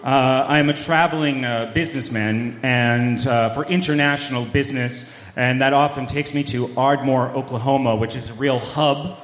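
A man and podcast host telling a mock-serious comedic story with deadpan delivery and many fillers and trailing pauses. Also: medium pitch. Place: live event hall. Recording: echoey hall with long reverb.

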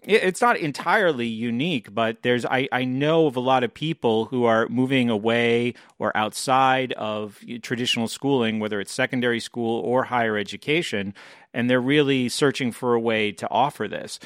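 A man hosting an interview, leading the talk and listing points in a measured way. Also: medium pitch, fairly bright tone, dry recording, clean studio sound. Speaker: podcast host and interviewer. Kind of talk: interview questions.

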